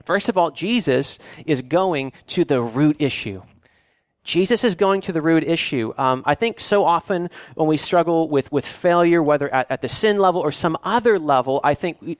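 A man's voice: a little high, lively intonation, moderate pace, dry recording. A man preaching a sermon as pastor, earnest and often repeating and restarting his words.

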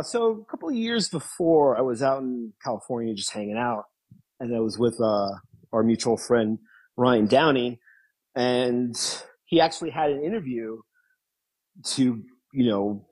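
A man in his thirties, a guest in an interview, telling stories casually, laughing often and acting out quotes in a higher voice. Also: animated, moderate pace, darkish tone, breathy edge, rough recording. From New York. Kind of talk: casual storytelling.

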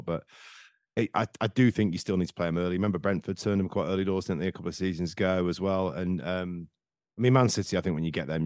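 Rapid-talking podcast host, man. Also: sits low, a little mellow, no room sound, studio quality. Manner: rambling anecdotes, jokey. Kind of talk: casual football chat.

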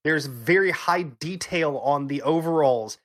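A man's voice: fairly high pitch, a little slow. A man hosting a casual gaming news podcast, talking with many ums and hesitations and teasing his co-hosts. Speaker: podcast host.

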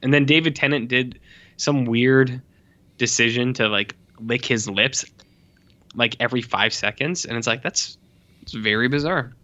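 Young man, casual movie chat, bright forceful tone, dull lo-fi audio. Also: medium pitch, moderate pace. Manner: animated, swears, mimics characters with squeals. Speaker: podcast co-host.

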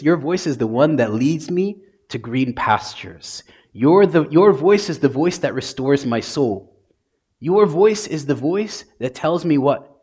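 A man, a priest, preaching a sermon in a conversational yet dramatic way, often dropping to a soft hush. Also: mid-range voice, husky.

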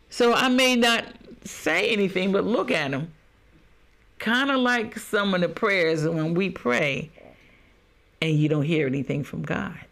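A man delivering a sermon in a high-pitched voice. He preaches emphatically, repeating phrases for weight and slipping into the voices of the people he talks about. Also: a little slow, vocal fry, fairly bright tone.

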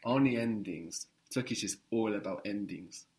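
A man's voice: lowish voice, moderate pace, darkish tone. A man teaching a language lesson, patiently modeling words and encouraging the learner.

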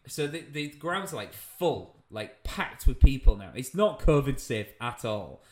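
A man's voice: mid-range voice, sing-song, unhurried. A young British man, a comedian, telling a funny anecdote in casual chat, laughing as he goes. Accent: British English. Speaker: comedian guest.

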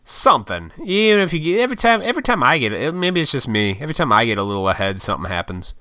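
Casual podcast host, American man, profane and rambling; bright, dry close-mic tone. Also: medium pitch, sing-song, racing, dry recording. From United States. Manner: profane, rambling, frequent laughs. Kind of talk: casual solo podcast rant.

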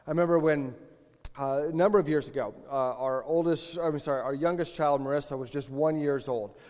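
A male pastor giving a conversational sermon in a chatty, relaxed way, often correcting himself mid-sentence and adding asides. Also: a little high, fairly quick, long reverb tail.

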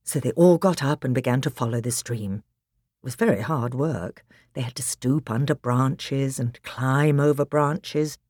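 A woman reads a children's story aloud in a low, slightly husky voice. Her delivery is expressive and lively, rising and falling freely. The sound is close and dry. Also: dry recording. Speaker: audiobook narrator. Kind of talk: audiobook narration of a children's novel.

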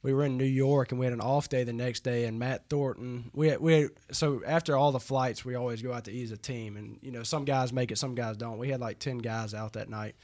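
A man who is a guest on a podcast, telling animated stories with many fillers and restarts. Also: mid-range voice, a little fast, hardly any pauses. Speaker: guest, professional baseball player. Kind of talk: casual storytelling in an interview.

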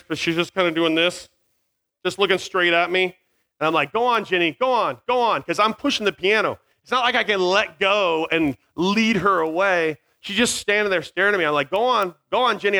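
High, bright-voiced man telling a comic story. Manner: animated, self-mocking, acts out sounds. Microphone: small mic near his beard.

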